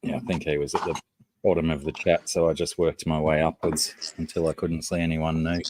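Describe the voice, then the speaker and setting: A man's voice: extremely low pitch, level tone, brisk, a little mellow, poor audio. A man with an Australian accent, hosting a casual livestream and greeting chat viewers by name. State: has a headache. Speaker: livestream host.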